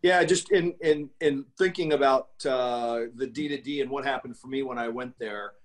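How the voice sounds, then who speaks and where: A man talking casually on a podcast as a guest, pitching his talk with emphatic, salesy energy and acting out customer quotes. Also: normal speed, poor audio. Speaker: guest speaker.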